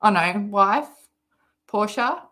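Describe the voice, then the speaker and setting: A woman's voice: mid-range voice, animated, takes it slowly, sharp tone. A woman with an Australian accent chatting casually on a livestream, reading out viewer comments between giggly, rambling asides. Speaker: livestream host reading chat.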